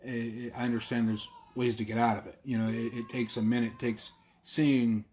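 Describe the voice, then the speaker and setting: A man's voice: medium pitch, flat delivery, normal speed, a little mellow. A young Southern man with a Southern accent and a mid-range voice, chatting loosely as co-host. He rambles, restarts sentences and drops casual swear words. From American South. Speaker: podcast co-host. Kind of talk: casual chat.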